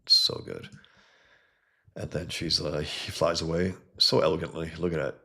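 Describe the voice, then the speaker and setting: A man's voice: very deep voice, little pitch movement, normal speed, creaky, pushed and bright, breathy edge. A man hosting a casual livestream, talking enthusiastically about comic art and reading chat messages aloud, with blunt profane asides.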